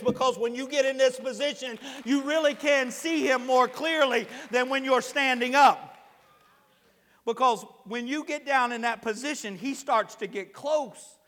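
A male pastor preaching a conversational sermon that swells to loud, emphatic peaks, in a church sanctuary. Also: very high-pitched, in a large hall.

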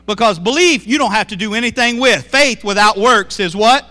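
A middle-aged man preaches, and his voice sits high and sounds bright and forceful. He talks in animated bursts and keeps asking the congregation questions. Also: moderate pace. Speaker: pastor. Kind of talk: sermon.

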